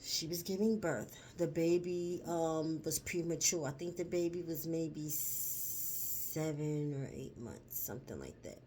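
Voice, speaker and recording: Her voice sits low and mellow, with a little hiss or hum in the recording, as this woman talks informally to her vlog viewers. Slow and profane, she stresses and draws out words, her emotion rising until she chokes up mid-story.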